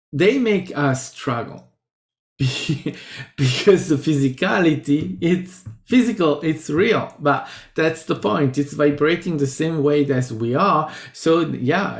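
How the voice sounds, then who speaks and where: A man with an Italian accent talks slowly and thoughtfully, stumbling through restarts and fillers as he reflects aloud. His voice sits a little higher than usual for a man. He is recorded in a roomy space with a noticeable echo. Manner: halting, many restarts and fillers. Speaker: spiritual teacher. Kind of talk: reflective casual monologue.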